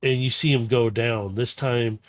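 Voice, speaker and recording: A man narrating a tabletop role-playing game as game master, in slow, halting description with many fillers. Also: mid-range voice, fairly even intonation, no echo.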